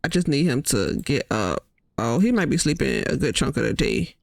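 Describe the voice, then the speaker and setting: A woman's voice: a bass voice, animated, normal speed, creaky, dry recording, studio quality. A woman hosting a casual let's-play, chatting and rambling in a slangy way as she plays. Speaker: gaming channel host.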